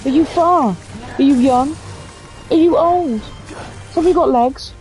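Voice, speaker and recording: A man's voice: very high voice, takes it slowly, darkish tone, faint music behind, pitched above the performer's own voice, rough recording. A man putting on the voice of a cheerful young woman asking a ghost a string of eager questions.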